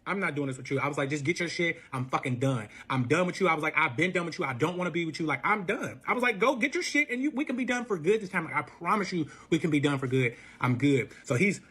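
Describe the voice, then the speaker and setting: A man retelling a messy relationship story in casual speech, animated and profane, acting out every quote. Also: on the high side, fast talker, few pauses, breathy edge. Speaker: storyteller guest.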